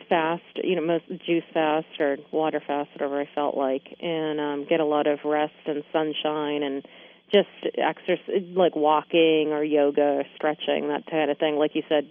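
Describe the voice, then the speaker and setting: A woman's voice: low voice, narrow, tinny audio. A woman co-hosting a podcast, easygoing and agreeable, with loose, casual phrasing. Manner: easygoing, agreeable, uses lots of fillers. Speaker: podcast co-host. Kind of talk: casual conversation.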